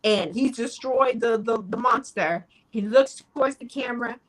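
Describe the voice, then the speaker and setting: A woman's voice: fairly high pitch, normal speed. A woman co-hosting a casual chat, retelling a plot loosely with slang and laughter. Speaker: co-host.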